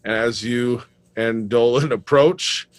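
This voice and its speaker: A man's voice: medium pitch, slow pace. A man runs a tabletop game and narrates the scene in a loose, rambling way, full of fillers. His voice sits in the middle of the range. The recording is dry, with no room echo. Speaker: game master.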